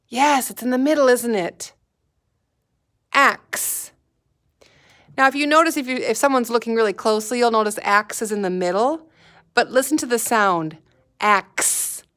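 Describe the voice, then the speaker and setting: A woman teaching a phonics lesson to young children, sounding out each letter slowly and clearly and encouraging them to join in. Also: mid-range voice, a bit bright. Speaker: kindergarten teacher.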